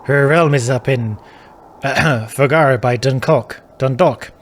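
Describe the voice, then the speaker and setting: A man playing a gruff, wry druid, a plainspoken country man in a video game who speaks of old gods and omens with dry certainty. His voice sits at a middling pitch with a faint hiss of noise behind it. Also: slow, lightly acted. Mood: ominous. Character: plainspoken middle-aged male Irish druid hotel guest.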